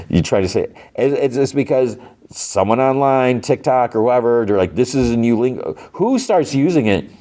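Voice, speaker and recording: A middle-aged man hosting a podcast, retelling an episode in a rambling, animated way with lots of fillers and restarts. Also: mid-range voice, moderate pace. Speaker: podcast host. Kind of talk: casual episode recap.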